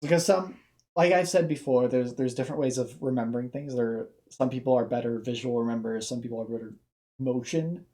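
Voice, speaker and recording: A man's voice: medium pitch, steady tone, a little fast, mellow. A young man giving casual reaction commentary, rambling off on tangents and restarting his sentences.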